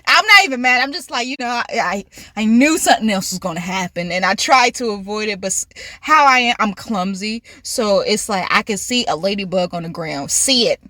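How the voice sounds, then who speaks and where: Woman, high bright voice, animated storyteller, dry close sound. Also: no room sound. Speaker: vlogger. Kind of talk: casual storytime. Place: inside a car.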